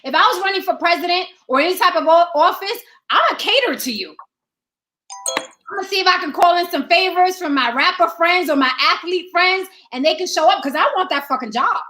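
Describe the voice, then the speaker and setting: A woman hosts a discussion show with a very high, sharp voice, speaking animatedly and a little fast. She's emphatic and profane, airing her opinions and repeating rhetorical questions to hammer her point home.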